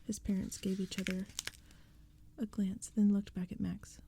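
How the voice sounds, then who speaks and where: A woman softly reading a children's novel aloud in a whispered role-play style, mostly in an unvoiced whisper. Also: medium pitch, flat delivery, moderate pace, vocal fry, slight background noise. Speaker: ASMR audiobook reader.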